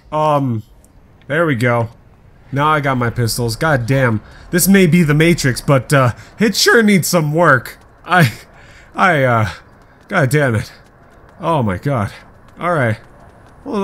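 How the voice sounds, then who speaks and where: A man doing excitable let's play commentary, rambling and swearing often. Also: on the high side. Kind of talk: gameplay commentary.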